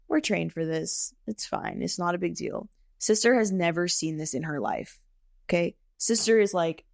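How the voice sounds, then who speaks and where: A woman in her thirties tells a wild story from her tattoo shop in a lively, slangy podcast chat, with frequent "like" and "okay?". Her voice sits at a mid pitch, and the recording is dry and close. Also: vocal fry, dry recording. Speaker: tattoo artist guest.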